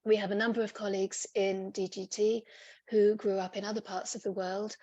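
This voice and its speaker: A woman's voice: mid-range voice, flat delivery, brisk, mellow, no room sound, lo-fi sound. A woman presenting on a video call, reading out audience questions and answering them patiently. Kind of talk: online webinar Q&A.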